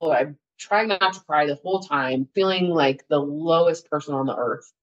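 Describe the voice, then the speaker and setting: A woman's voice: low voice, normal speed. A woman telling her personal story as a podcast guest, in an earnest, rambling way. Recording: dull, lo-fi audio.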